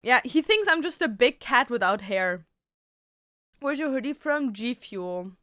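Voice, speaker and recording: A woman's voice: fairly high pitch, sing-song, measured pace, a bit bright, no echo, clean studio sound. A woman streamer chatting casually at home with a cat on her lap, swearing now and then and reading viewer questions aloud. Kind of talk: casual live-stream chat.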